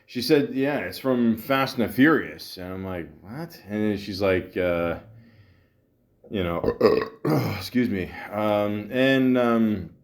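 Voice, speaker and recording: A man's voice: on the low side, takes it slowly. Rambling, cursing man in his forties. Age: 40s. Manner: rambling, profane, self-deprecating. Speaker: podcast host. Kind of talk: casual monologue.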